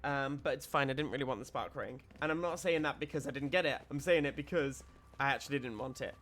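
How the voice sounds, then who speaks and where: A man's voice: mid-range voice, fast talker, fairly bright tone. A man streaming a video game, giving casual commentary as he explains tactics, often restarting his sentences.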